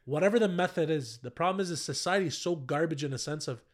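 A man's voice: on the high side, fast. A man, a guest on a casual podcast, talking bluntly and emphatically and swearing freely.

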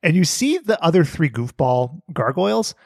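A man co-hosting a podcast, recapping a cartoon episode in animated, joking chat, swearing and laughing often. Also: a little high, normal speed, creaky, dry recording, clean studio sound. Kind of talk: casual comedic chat.

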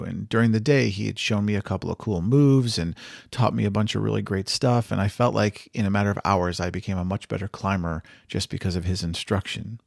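A man's voice: lowish voice, gravelly, no echo, clean studio sound. A man hosting a travel podcast, telling a story in an earnest, reflective and encouraging way. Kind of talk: storytelling monologue.

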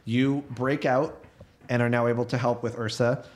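Young man running a tabletop game. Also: medium pitch. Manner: quick, relaxed, rambling narration. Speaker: game master.

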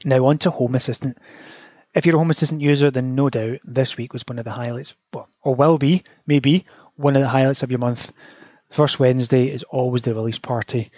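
A man's voice: medium pitch, fairly even intonation, a little fast, darkish tone, no echo. A man hosting a casual solo smart-home news roundup in a chatty, informal way, now and then swearing. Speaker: podcast host.

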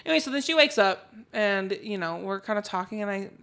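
A woman's voice: medium pitch, animated, fast, fairly bright tone. A woman co-hosting a podcast, telling a story in casual chat, swearing freely, laughing often and poking fun at herself. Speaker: podcast co-host.

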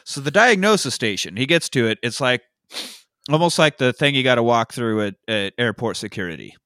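A man co-hosting a podcast, retelling a movie in a relaxed, joking way with frequent swearing. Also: mid-range voice, a little fast, no room sound, studio quality. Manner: laid-back storytelling with profanity and frequent laughs. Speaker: podcast co-host. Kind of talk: casual movie recap chat.

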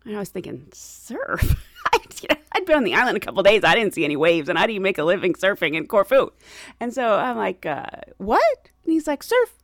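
A middle-aged American woman telling a travel story in a chatty, animated way, laughing often and acting out what she and others said. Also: medium pitch, very fast, no echo, clean studio sound. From United States.

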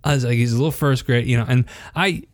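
A man in his thirties co-hosting a podcast, telling a story in casual chat, laughing and acting out quotes in a higher voice. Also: quick pace, no room sound, studio quality. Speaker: podcast co-host.

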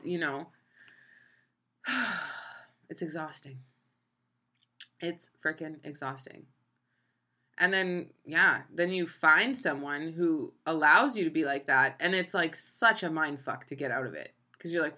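A woman's voice: low-pitched, unhurried, long pauses, sharp tone. A young woman hosting a podcast, ranting bluntly and casually with plenty of swearing. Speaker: podcast host. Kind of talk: casual monologue.

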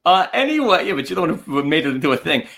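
A man co-hosts a casual podcast and teases his partner with wry, deadpan asides. His voice sits high for a man and moves a lot in pitch. He keeps the banter loose and quick. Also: vocal fry. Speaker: podcast co-host. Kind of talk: casual chat.

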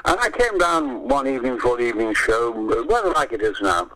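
A man's voice: medium pitch, sing-song, a little fast, bright, forceful tone, low-quality recording. An older man telling theatrical show-business stories, swearing freely and acting out the voices of the people in them. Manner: theatrical storyteller, swears often, acts out voices. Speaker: interview guest. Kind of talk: animated anecdote telling.

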